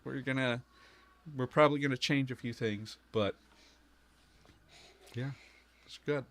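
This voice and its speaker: A man hosting a casual online group chat, wrapping up and thanking people in a relaxed way. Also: mid-range voice, a little slow. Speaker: host of the relay stream. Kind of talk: casual group video call.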